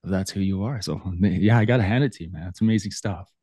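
Host: a low, mellow man, earnest and affirming, dry close recording. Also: fast, no room sound. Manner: earnest and affirming, emotional reflections. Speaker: podcast host. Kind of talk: casual interview chat.

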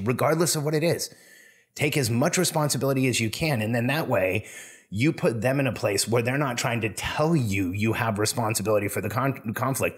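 A man's voice: mid-range voice, breathy edge. A man hosting a solo podcast, earnestly telling a story and giving advice. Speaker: podcast host.

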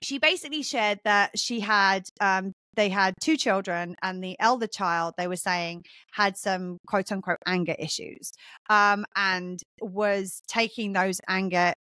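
A woman's voice: mid-range voice, fairly even intonation, unhurried, pushed and bright, dry recording. A woman hosting a podcast, explaining earnestly in a casual conversational way, with frequent fillers and restarts. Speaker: podcast host and mentor.

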